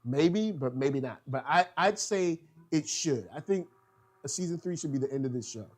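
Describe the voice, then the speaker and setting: A man co-hosting a casual fan review show, easygoing and quick to laugh as he reads viewer comments. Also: a little high, expressive. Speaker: co-host reading viewer comments.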